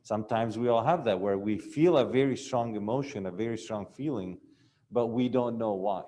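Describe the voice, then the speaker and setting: Quiet man asking an earnest question. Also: on the low side, normal speed. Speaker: audience member asking a question.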